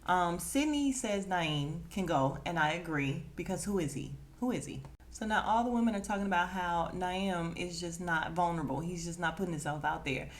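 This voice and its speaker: A woman, recapping a reality dating show on her podcast. She talks in a sassy, animated way and slips into the voices of the people she quotes. Her voice sits a little low for a woman. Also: normal speed, hardly any pauses. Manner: sassy, animated, quotes cast members with attitude. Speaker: podcast host.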